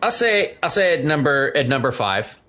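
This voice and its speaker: A man's voice: a little high, very animated, moderate pace, sharp tone. A man co-hosting a podcast, chatting casually in a laid-back way and quoting movie lines. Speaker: podcast co-host. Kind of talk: casual chat.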